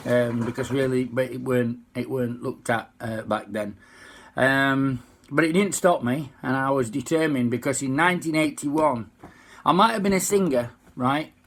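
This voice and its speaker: A man with a Yorkshire accent, unwell, chatting to fans in a halting, heartfelt way. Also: mid-range voice. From Yorkshire, England. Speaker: singer and tribute impersonator. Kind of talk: casual fan video chat.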